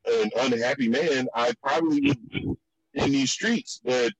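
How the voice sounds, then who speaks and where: A man from the Virginia and DC area telling stories in a casual chat, with many restarts and high jumps in pitch for the quotes. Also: measured pace, highs cut off. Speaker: guest.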